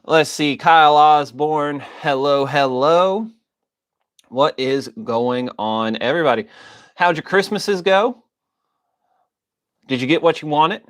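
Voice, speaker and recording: Reading chat on a casual livestream, this host jokes loosely and greets viewers by name, coughing and slightly wheezy. He speaks in an unhurried way with frequent pauses, and his voice is fairly high-pitched and fairly bright.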